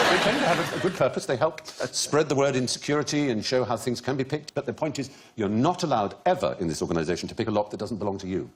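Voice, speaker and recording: A man's voice: medium pitch, animated, a little fast, a bit bright. A man hosting a comedy quiz show in a wry, theatrical way, on a noisy studio recording.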